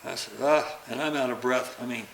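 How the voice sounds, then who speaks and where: An older man, a stuntman, telling an animated story about a past job and acting out the action. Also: medium pitch, fast, heavy background noise. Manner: animated, acts out the action with sounds and laughter. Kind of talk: anecdotal storytelling. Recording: roomy recording.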